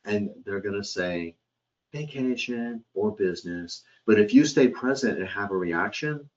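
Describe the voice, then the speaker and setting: A man with a low voice presents a live training webcast on hospitality. He acts out phrasings in different tones to show how they sound to guests. The audio is dull and lo-fi, like a webcast stream. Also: animated, normal speed, a little mellow. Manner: demonstrates phrasings by acting out tones of voice.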